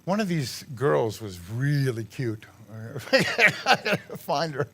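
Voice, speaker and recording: A man's voice: mid-range voice, sing-song, drawn-out words, fairly bright tone. A man giving a rambling, chatty talk over a slideshow, laughing at his own jokes. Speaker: guest speaker at a church gathering.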